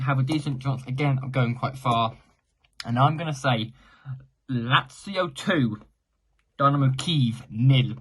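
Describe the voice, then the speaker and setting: A man's voice: medium pitch, fairly bright tone, breathy edge. A man giving casual, unscripted football predictions, rambling, correcting himself and repeating phrases as he goes. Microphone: mic for home recording.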